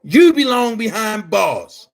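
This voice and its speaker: A man delivering a heated, profane vlog rant as an online commentary host, often shouting and repeating himself for emphasis. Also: high voice, very animated, slow, creaky. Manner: blunt and emphatic, repeats phrases.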